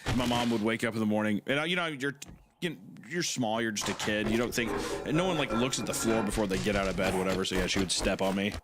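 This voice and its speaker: A man's voice: on the low side, fast. A man co-hosting a podcast, telling stories casually, swearing a lot and acting out voices. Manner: animated storytelling, swears often, acts out voices. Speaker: podcast co-host. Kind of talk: casual chat about a creepy story. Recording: loud background noise.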